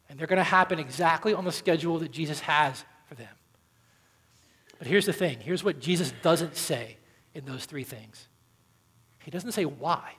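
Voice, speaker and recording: High-voiced preacher in a reverberant church. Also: male voice, normal speed, pauses often, fairly bright tone, slightly rough. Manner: emphatic preaching, building in force and dropping low on key words. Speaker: pastor. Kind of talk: sermon. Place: church sanctuary. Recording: long hall reverb.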